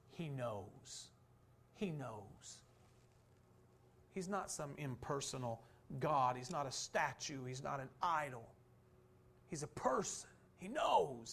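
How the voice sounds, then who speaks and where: A man preaching a sermon, posing rhetorical questions and answering them, swinging from fervent emphasis to soft, low reflection. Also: expressive, slow pace, vocal fry, pauses often, slightly rough. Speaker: pastor.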